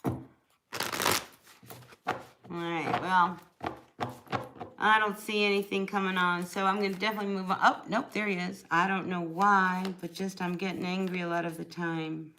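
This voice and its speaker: A woman's voice: on the low side, little pitch movement, normal speed, pauses often, pushed and bright, a little hiss or hum. A woman chatting casually during a live tarot reading, answering viewers by name and laughing often. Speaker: tarot reader.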